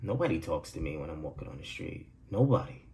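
A man's voice: a bass voice, big pitch swings, fast, mellow, a little hiss or hum. A man hosting his own podcast, talking in a loose, profane, rambling monologue and laughing at his own jokes, recorded at home. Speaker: podcast host. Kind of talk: casual solo monologue.

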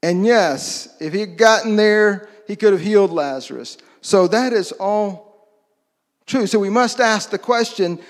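A man's voice: sits high, expressive, measured pace, big-room sound. A man preaching a sermon in a conversational way, often asking his listeners questions. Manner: conversational, asks the audience questions.

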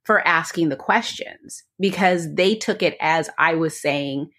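Breathy lady cohost on a podcast, rambly and eager, lots of you knows. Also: deep voice, a little slow, a bit bright. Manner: rambling, eager, many fillers. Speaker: podcast co-host. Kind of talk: casual podcast chat.

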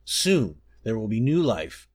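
An old village grandmother speaks firmly and steadily, as a male reader gives her lines. Her delivery carries a lively rise and fall in pitch. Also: slow pace, heavily acted. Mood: firm warning. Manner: firm, steady warning. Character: older village grandmother, firm and wise.

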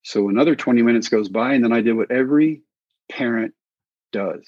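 A man being interviewed, a former baseball coach and pitcher, telling folksy anecdotes and acting out other people's voices. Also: a little fast, a little mellow, breathy edge, no echo. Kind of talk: animated storytelling in an interview. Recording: dull, dry recording.

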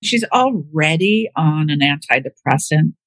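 A woman with a slightly husky voice tells stories about caring for her mother in a loose, conversational way. She acts out the voices of the people she quotes, and the recording is close and dry. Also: sits low, expressive, measured pace, no room sound. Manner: chatty storytelling, acting out quoted voices. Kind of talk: casual conversation.

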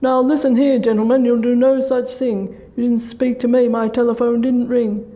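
A man's voice: extremely high pitch, monotone, normal speed, dark tone, low-quality recording. An older woman as a stern father. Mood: firm. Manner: firm, definite. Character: stern father laying down the law.

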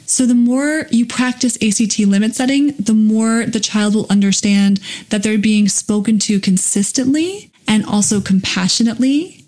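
A woman's voice: fairly high pitch, normal speed, few pauses, a little mellow. A woman hosting a parenting podcast as a play therapist, explaining step by step and acting out what a parent should say. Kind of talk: podcast teaching.

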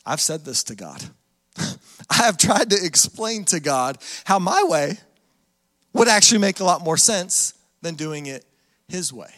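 A pastor preaching a sermon in a casual, animated way, acting out the voices of people in his stories. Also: high voice, unhurried, long reverb tail.

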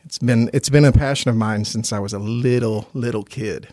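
A man's voice: mid-range voice, moderate pace, darkish tone, no room sound, clean studio sound. A man from Indiana, a gospel quartet tenor, telling earnest, chatty stories as a podcast guest and laughing easily. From Indiana, USA. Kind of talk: casual interview storytelling.

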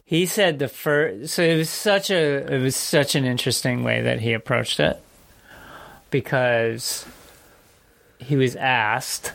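A man's voice: mid-range voice, slow, vocal fry, a bit bright. A man co-hosting a podcast in casual chat, talking bluntly and swearing freely. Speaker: podcast co-host.

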